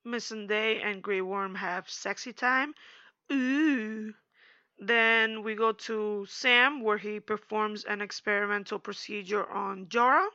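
A young woman chatting casually in a slangy, animated recap, acting out quotes as she goes. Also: mid-range voice, takes it slowly, smooth, no room sound, highs cut off.

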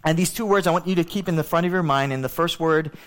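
Animated man preaching. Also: on the high side, quick pace. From Hawaii. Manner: animated, conversational, many fillers. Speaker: pastor. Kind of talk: sermon storytelling.

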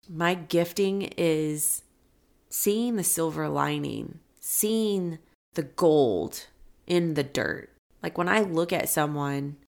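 A woman's voice: sits low, gravelly. A woman hosting a motivational podcast, telling a personal story in an earnest, encouraging way. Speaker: podcast host.

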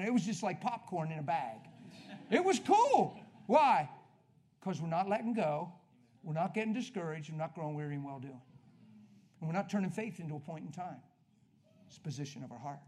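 A man preaching at a healing service in an energetic, conversational way, coaching the congregation with quick questions. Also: sits high. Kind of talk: sermon.

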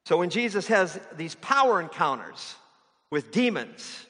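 A man preaching a sermon in a fairly high voice. He talks in a conversational way and often asks rhetorical questions. His voice rings with the long reverb of a large hall. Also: sing-song, a little slow, fairly bright tone.

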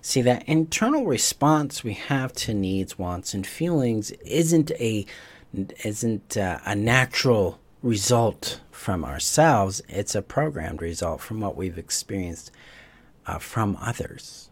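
A man with a lowish voice leads a live online teaching session as coach. He explains his ideas gently and reflectively and sometimes restarts a phrase as he finds his words. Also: very animated, slow pace.

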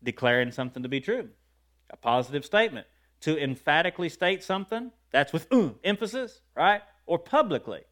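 A man preaching a sermon, talking to his congregation, asking them questions and breaking into loud shouts of praise. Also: on the high side, lively intonation, a little fast.

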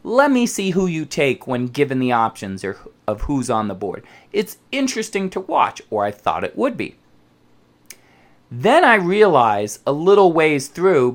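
A man hosting a football podcast, ranting casually and profanely, sometimes mocking how other people talk. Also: mid-range voice. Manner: profane, animated, mocks others' voices. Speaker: podcast host.

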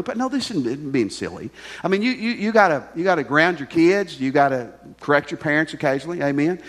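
Animated preacher man with a lively voice. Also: fairly high pitch, fairly quick, long reverb tail. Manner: animated, humorous, emphatic. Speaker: pastor. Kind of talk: sermon.

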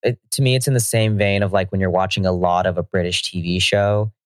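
Man co-host, low voice, dry sound, playful banter with quick interjections. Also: steady tone, dry recording. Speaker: podcast co-host. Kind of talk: casual chat.

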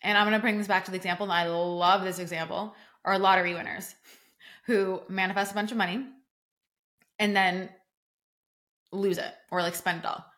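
Brief: young woman, solo podcast host, mid-pitched, casual and emphatic, lots of "like". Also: level tone, normal speed, long pauses, a bit bright. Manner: casual, emphatic, fillers like "like", acts out quoted reactions.

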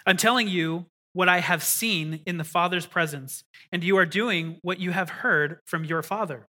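A male pastor with a high, bright voice preaches in a loose, conversational way. He reads scripture slowly and deliberately, then breaks into animated asides. The tone is crisp and forward. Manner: slow deliberate reading of scripture. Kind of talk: sermon with scripture reading.

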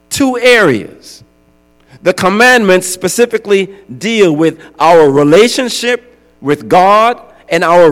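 A male pastor preaching a sermon in a conversational way, often asking his congregation "right?". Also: high-pitched. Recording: long hall reverb with mains hum.

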